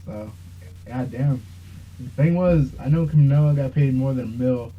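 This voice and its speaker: A man's voice: mid-range voice, moderate pace. A young man hosting a podcast, telling a long, rambling story in casual chat with plenty of swearing. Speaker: podcast host. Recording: dull lo-fi sound.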